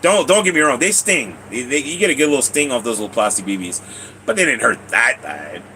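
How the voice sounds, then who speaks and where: A man's voice: mid-range voice, expressive, fairly quick, bright, forceful tone, slight background noise, poor audio. A man live streaming, telling long rambling stories to his chat, repeating himself, laughing and swearing casually.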